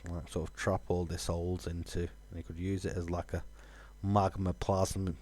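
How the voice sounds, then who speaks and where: A man's voice: sits low, level tone, moderate pace, darkish tone. A man, musing aloud with fillers while streaming a game. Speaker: gaming streamer. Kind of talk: casual let's-play commentary.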